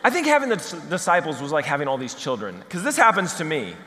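Animated joking male pastor, high voice. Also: quick pace, in a large hall, a little hiss or hum. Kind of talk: sermon.

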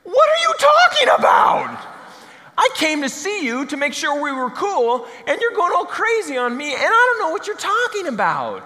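A man voicing a confused, flustered grown man who panics in a squeaky voice, in a sermon. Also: huge pitch swings, normal speed, bright, forceful tone, raised voice, big-room sound, exaggerated voice.

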